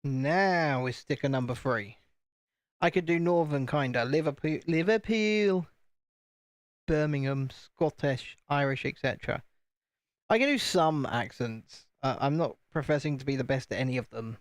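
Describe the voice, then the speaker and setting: A man's voice: mid-range voice, moderate pace, no echo. British man, streamer chat, chatty, self-deprecating, dry room. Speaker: channel host. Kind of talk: casual live-stream chat while building.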